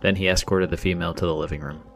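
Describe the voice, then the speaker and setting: A man hosting a podcast, reading true-crime case details in a measured, matter-of-fact way. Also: sits low, fairly even intonation, creaky, fairly bright tone, soft background music. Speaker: podcast host.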